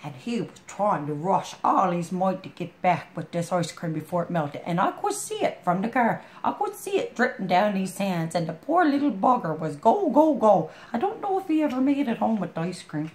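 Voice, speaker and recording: Chatty woman with a lively voice. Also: medium pitch, normal speed, few pauses. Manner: chatty, homespun, talks straight to a friend. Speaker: storyteller. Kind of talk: reading a picture book aloud with folksy asides. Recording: roomy echo.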